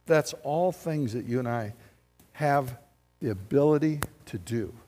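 A man, a pastor preaching a lively, conversational sermon full of rhetorical questions. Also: medium pitch, unhurried, in a large hall, soft background music.

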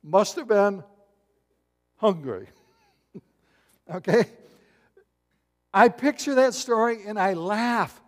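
High-voiced man preaching in a hall. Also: takes it slowly, long pauses. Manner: humorous, animated storytelling with voices. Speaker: pastor. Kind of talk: sermon. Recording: long hall reverb.

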